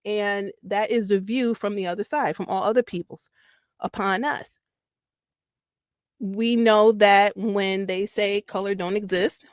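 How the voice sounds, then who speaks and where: Appearing as a podcast guest on a talk show, a woman with a medium-pitched voice offers casual, emphatic commentary. She repeats points for stress and laughs easily. The sound is dry and clean, studio quality.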